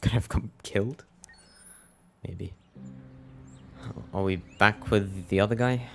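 A man's voice: on the low side, fairly even intonation, slow pace, gravelly, slight background noise. A young man giving casual let's play commentary, muttering wry reactions to a game. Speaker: gameplay commentator. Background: game music.

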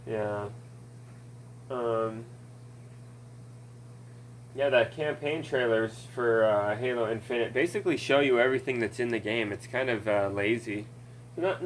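Slow, rambling, profane man. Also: mid-range voice, a little hiss or hum, rough recording. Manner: rambling and profane, with many fillers and laughs. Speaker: gaming commentator. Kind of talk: casual rambling rant.

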